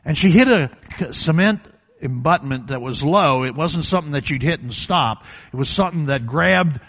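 An older man preaching a sermon in a church, telling a quiet personal story that swells into loud, drawn-out preaching. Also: fairly high pitch, expressive, breathy edge. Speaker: pastor. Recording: dull lo-fi recording.

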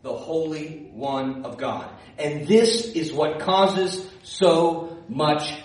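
A man's voice: fairly high pitch, drawn-out words. A male pastor preaching a sermon, telling stories and building to emphatic repeated calls. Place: church sanctuary. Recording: echoey church hall, distant mic.

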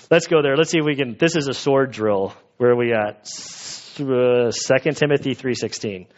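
An unhurried man's voice in the mid range carries an earnest, conversational sermon from a pastor to his church. The expository message is delivered in the sanctuary, and the lo-fi recording sounds dull.

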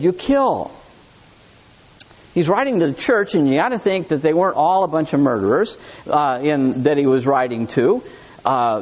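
A man preaching a sermon in a conversational, animated way, reading scripture aloud and talking it through with his listeners. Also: on the high side, highs cut off. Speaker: pastor.

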